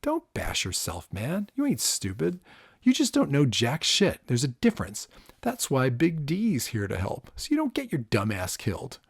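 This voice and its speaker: A man's voice: medium pitch, huge pitch swings, normal speed, vocal fry, breathy edge, no room sound, studio quality, voice pushed up, full character voice. Big D, a man voicing a cocky street-smart mentor. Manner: swaggering, crude, teasing.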